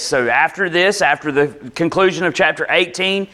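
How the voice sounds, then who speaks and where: A man preaching a sermon in a church, reading scripture and adding relaxed, conversational asides. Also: fairly high pitch, fairly quick, hardly any pauses. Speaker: pastor.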